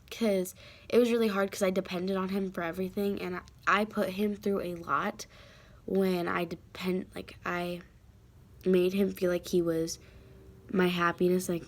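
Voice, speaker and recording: A woman's voice: fairly low pitch, a bit bright. A teenage girl talking casually and emotionally to her camera at home, rambling with many fillers and restarts. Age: teens. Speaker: vlogger. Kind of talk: casual confessional chat to camera.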